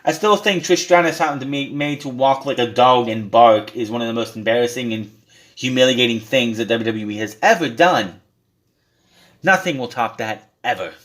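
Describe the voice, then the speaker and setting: A man's voice: medium pitch, normal speed, fairly bright tone. A man recapping a wrestling show on his own, blunt and sarcastic, swearing freely as he goes through the matches. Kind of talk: casual solo show recap.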